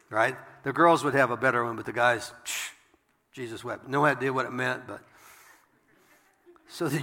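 Gravelly, bright-toned preacher in a big reverberant room. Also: male voice, medium pitch. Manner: reads scripture aloud and breaks in with wry asides. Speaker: pastor. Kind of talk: sermon.

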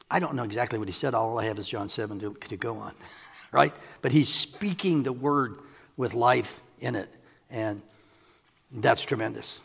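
A man preaching a sermon to a congregation, animated and quick to laugh as he paraphrases scripture. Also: medium pitch, gravelly, breathy edge, in a large hall. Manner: animated, acts out scripture quotes, laughs often.

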